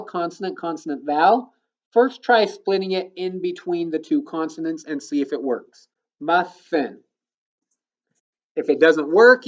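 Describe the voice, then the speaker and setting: A man who teaches elementary school records a phonics lesson for kids, walking through it patiently one step at a time and slowly sounding out each word. His voice sits a little high, and the sound is lo-fi.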